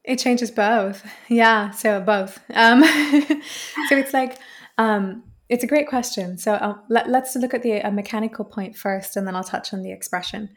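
A woman's voice: a little high, moderate pace. A woman speaking as a guest in an interview, earnest and flowing, often repeating a phrase for emphasis as she explains. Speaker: voice coach guest. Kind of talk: reflective interview answer.

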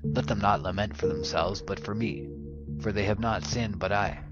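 A man's voice: on the low side, fairly even intonation, moderate pace, lightly acted. A man reading the part of Adam, the grieving first man, crying out in lament over music. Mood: mourning. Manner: lamenting, pleading cries. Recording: muffled podcast audio with music behind.

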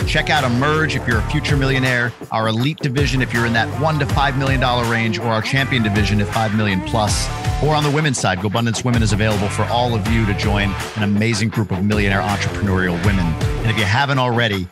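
A man hosting a podcast, upbeat and energetic, wrapping up the episode. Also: on the low side, quick pace, over loud music. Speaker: podcast host.

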